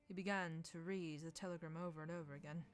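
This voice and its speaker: A woman reading a classic novel aloud in measured, lightly dramatic narration over faint background music. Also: sits low, steady tone.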